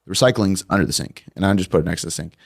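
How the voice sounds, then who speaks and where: Male coach, deep, casual and blunt podcast guest. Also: very fast, creaky. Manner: blunt, profane storytelling.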